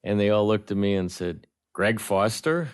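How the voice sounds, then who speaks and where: A man, a guest film director, telling anecdotes in a lively way and acting out the lines of the people in them. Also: lowish voice, moderate pace, smooth. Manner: animated storyteller, acts out dialogue. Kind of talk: anecdotal storytelling.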